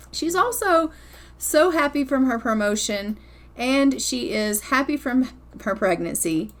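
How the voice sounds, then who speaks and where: A woman with a slightly high voice talks through her game in a loose, chatty way. She is blunt and curses casually as she comments on what her characters do. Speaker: gameplay commentator.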